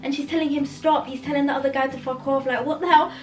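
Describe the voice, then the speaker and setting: A young woman chatting in a casual reading vlog, animated and outspoken, swearing freely as she reacts to a book. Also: high voice, racing, faint music behind. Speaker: book vlogger. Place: home, indoors.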